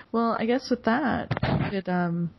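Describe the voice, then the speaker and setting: A woman's voice: mid-range voice, vocal fry. Giggly woman podcast host, lo-fi sound. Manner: giggly, laughs often. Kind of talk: casual podcast chat. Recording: dull lo-fi recording.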